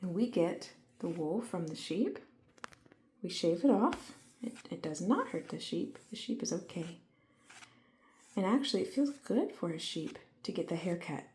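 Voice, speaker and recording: A woman giving a calm, gentle lesson to small children, speaking softly and often half-whispering, and playfully imitating animal sounds. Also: medium pitch. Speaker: children's educator.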